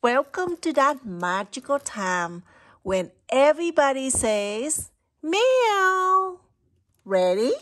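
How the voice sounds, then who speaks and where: A woman's voice: fairly high pitch, big pitch swings, a little slow. A woman reading a children's picture book aloud in a playful, coaxing way, breaking into animal sounds. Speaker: storybook reader.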